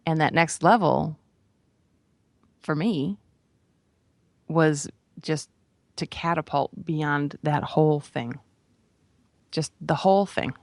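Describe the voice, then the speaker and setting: A woman shares a personal story during a spiritual talk, speaking casually and checking in with her listeners. Her voice has a gravelly edge, and it is recorded dry, with no room sound. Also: low voice, slow, pauses often, a little mellow, dry recording. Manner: conversational, often adds "right?" and "you know". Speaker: spiritual teacher. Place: radio broadcast.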